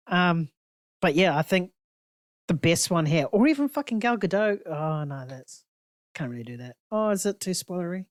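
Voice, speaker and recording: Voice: medium pitch, lively intonation, moderate pace, no echo, studio quality. A young podcast co-host who speaks bluntly and swears freely in a casual chat about films.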